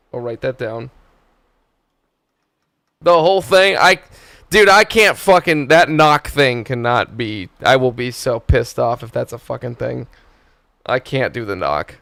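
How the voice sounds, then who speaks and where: A man's voice: medium pitch, animated, measured pace, vocal fry, long pauses, fairly bright tone, no room sound. A man hosting a live stream, chatting casually and swearing often as he reacts to clips. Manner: profane, laid-back, laughing. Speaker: streamer host.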